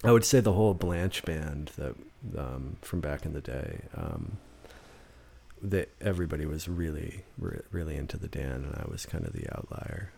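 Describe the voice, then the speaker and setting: Brief: low-voiced man, gravelly, rambling casual guest, restarts mid-thought. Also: huge pitch swings, normal speed, warm tone. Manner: rambling, restarts often, acts out quotes. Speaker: guest songwriter. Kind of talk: casual conversation. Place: in-person podcast studio.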